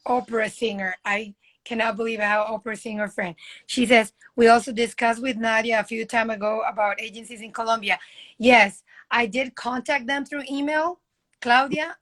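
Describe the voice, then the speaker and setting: A woman's voice: fairly high pitch, fairly even intonation, moderate pace, fairly bright tone. Chatty woman on a video call. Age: 30s. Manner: chatty, rambling, talks directly to the host. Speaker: model and guest. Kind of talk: casual live chat.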